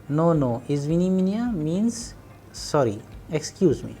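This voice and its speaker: A man teaching Russian in a recorded lecture, explaining and translating phrases one by one in a slow, hesitant way. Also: fairly high pitch, very animated, mellow, slight background noise.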